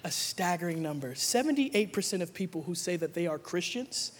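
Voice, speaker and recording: A man's voice: sits high, lively intonation, a little fast. A young adult man preaching a sermon, playful and joking, acting out Bible figures in casual slang. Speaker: pastor.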